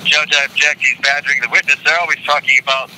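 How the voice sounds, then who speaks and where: An older man being interviewed, reading court transcript quotes aloud in a deliberate, indignant way and repeating lines for emphasis. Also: fairly high pitch, level tone, bright, forceful tone, slight background noise, rough recording. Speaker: interview guest.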